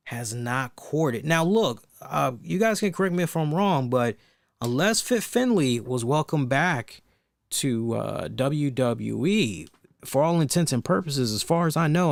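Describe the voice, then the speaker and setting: A man talks through a wrestling review on his own podcast, rambling and thinking aloud with plenty of restarts. His voice sits at an ordinary middle pitch and is recorded dry and close, with no room sound. He speaks bluntly and swears casually. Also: gravelly, no room sound. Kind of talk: casual solo commentary.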